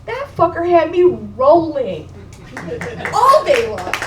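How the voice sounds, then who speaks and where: A woman's voice: very high voice, huge pitch swings, slow pace. A woman telling a heartfelt personal story to an audience at a live gathering, emotional and casual, often saying dude and swearing. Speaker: speaker at a memorial gathering. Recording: echoey room, distant mic, background noise.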